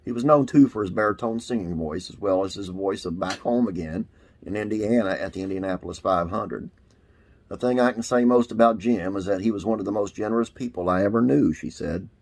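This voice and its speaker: A man's voice: lowish voice, a little fast, gravelly, darkish tone. A man hosting a classic TV trivia channel, reading an article aloud in a casual way with frequent "uh" fillers.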